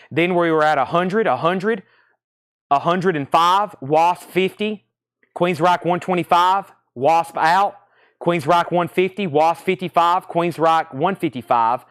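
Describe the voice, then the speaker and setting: A man's voice: on the high side, fairly bright tone, dry recording, clean studio sound. A man with a Tennessee Southern accent, hosting a live-streamed record sale and rattling off bids and prices, often repeating himself. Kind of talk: live-stream auction selling.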